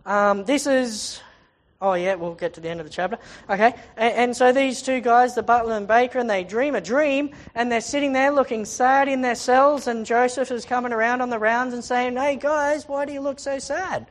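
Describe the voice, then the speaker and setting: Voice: medium pitch, fairly even intonation, normal speed. A preacher giving a sermon, reading scripture aloud and retelling it in casual everyday words, stressing points by repeating phrases.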